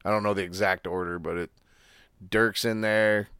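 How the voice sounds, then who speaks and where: Gravelly, low man in casual sports banter. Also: fairly even intonation, normal speed, fairly bright tone, no echo, studio quality. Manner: profane, rambling, laid-back storytelling. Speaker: podcast co-host.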